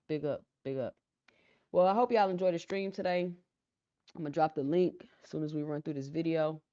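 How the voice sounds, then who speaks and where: A woman hosting a casual live stream who chats with viewers, reads out their comments and often repeats her phrases in a calm, low-key way. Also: no echo. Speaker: livestream host. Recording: dull lo-fi sound, dry.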